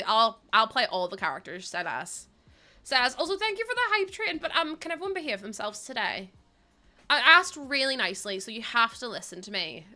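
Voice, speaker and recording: Giggly, bright-voiced woman streamer. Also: on the high side. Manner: giggly, animated and chatty, talking to chat. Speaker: livestreamer. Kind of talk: casual chat while gaming. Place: room at home.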